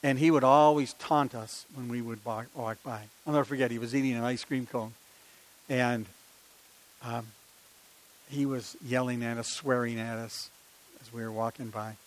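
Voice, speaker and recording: A man's voice: mid-range voice, steady tone, normal speed, low-quality recording. An older man, preaching a sermon in a conversational style with many rhetorical questions and personal stories.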